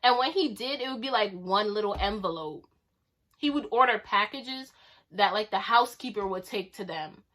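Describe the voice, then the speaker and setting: Bright-voiced woman telling a storytime. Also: mid-range voice, normal speed. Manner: animated, chatty, slangy, acts out quoted dialogue. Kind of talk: casual storytime vlog.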